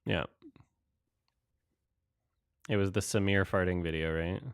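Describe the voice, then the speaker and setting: A man's voice: sits low, fairly even intonation, unhurried, gravelly, clean tone, no echo, clean studio sound. A young man hosting a casual online hangout, thinking aloud as he reads through award results. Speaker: host. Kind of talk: casual chat.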